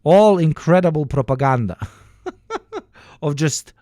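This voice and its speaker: A man's voice: on the high side, lively intonation, slow, dark tone, no room sound, studio quality. A man streaming casual commentary over news clips, sarcastic and swearing, joking between remarks. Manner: sarcastic, swearing, jokey asides.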